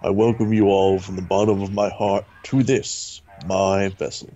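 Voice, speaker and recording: A man voicing a menacing masked male ship captain during a game playthrough, in a slow, grandiose dramatic reading. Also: low-pitched, level tone, mellow, muffled recording. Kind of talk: voicing a game character during a let's play.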